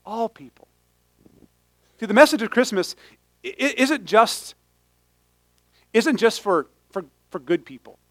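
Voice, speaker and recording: A man preaching a sermon in an animated, humorous way, often stopping and restarting his sentences. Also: high voice, measured pace, long pauses, no room sound. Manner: animated, humorous, self-interrupting. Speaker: pastor.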